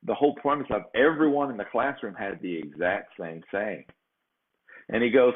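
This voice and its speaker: A man's voice: on the low side, animated, normal speed. A man hosting a show, telling a long casual story and often tagging "right?" onto his sentences. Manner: rambling, peppers sentences with "right?". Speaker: show host. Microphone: checks own sound setup. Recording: phone-like narrow sound.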